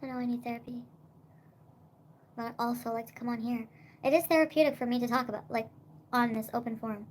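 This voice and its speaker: Young woman streamer, high voice, rambly and profane, light background hiss. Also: fairly even intonation, quick pace, long pauses. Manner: rambling, full of "like" and swearing. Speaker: livestreamer. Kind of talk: casual livestream chat.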